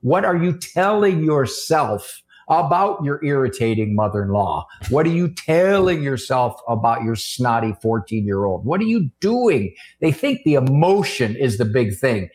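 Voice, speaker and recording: A man's voice: medium pitch, very animated, a little slow, a little mellow. A man who is a psychologist, speaking as a guest, punchy and joking, with strong emphasis. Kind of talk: conversational interview.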